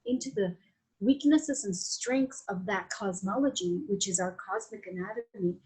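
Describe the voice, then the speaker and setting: A woman's voice: mid-range voice, moderate pace, a little mellow, slightly rough, low-quality recording. A woman with a Latin American Spanish accent, a guest on a podcast interview, talking in a flowing, reflective way with many restarts and fillers. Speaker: guest, Vedic astrologer.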